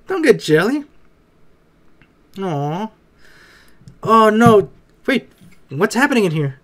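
Excitable man reacting out loud. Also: sits high, slow pace, long pauses. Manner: excitable, talks to himself, swears, frequent restarts and exclamations. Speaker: reaction video host. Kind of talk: casual reaction commentary.

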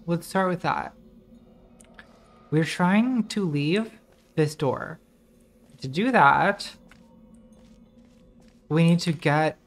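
A woman streamer giving casual, rambling commentary while playing a game, distracted and swearing as she talks to herself. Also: low voice.

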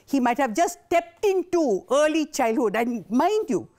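A woman's voice: high voice, sing-song, measured pace, warm tone. An older woman, giving a passionate, indignant conference talk. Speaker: invited speaker.

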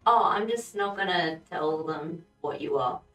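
Female player, animated and jokey, in a roomy space with music under. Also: lowish voice, unhurried. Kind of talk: casual tabletop game chat.

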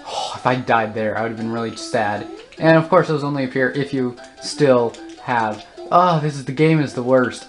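A woman with a very deep voice talks casually over her gameplay, flustered and exclaiming whenever things go wrong. Soft music plays faintly behind her. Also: normal speed. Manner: flustered, exclaims and groans at the game. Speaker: let's play host.

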